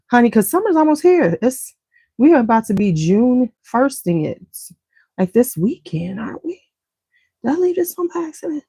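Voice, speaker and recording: A woman with a fairly high, slightly mellow voice hosts a beauty channel. She chats casually and in a scattered way with her live viewers, greeting them by name.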